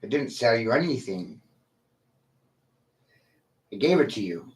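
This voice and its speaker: A man ranting on a livestream, profane, combative and boastful, with long pauses between his lines. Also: medium pitch, very animated. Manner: slow, drawn-out delivery with long pauses. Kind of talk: livestream rant.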